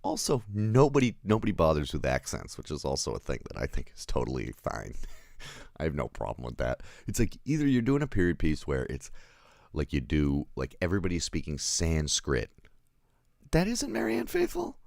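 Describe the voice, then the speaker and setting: Man, very deep voice, animated swings in pitch, casual film review, rambling, chuckles, chats with viewers. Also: normal speed, gravelly, no room sound, studio quality. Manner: rambling, chuckling, answering live chat.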